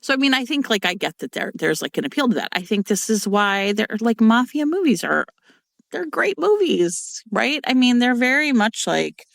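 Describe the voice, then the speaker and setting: A woman with a gravelly, creaky edge to her voice co-hosts a podcast in casual chat. She talks in an animated, loose way, full of fillers and the odd swear. The sound is dry and close. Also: a little high, normal speed, no echo. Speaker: podcast co-host.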